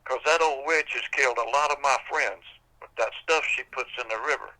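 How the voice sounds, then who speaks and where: An older man voicing a wise, protective talking cypress tree who speaks slowly and firmly. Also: mid-range voice, sharp tone, rough recording. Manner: slow, deliberate, commanding.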